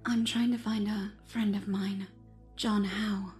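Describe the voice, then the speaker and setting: A man's voice: sits high, flat delivery, slow pace, a little mellow, pitched above the performer's own voice. A man putting on a sly, cool woman spy. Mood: feigned desperation. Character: cool, calculating female spy, young adult. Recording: music bed under the reading.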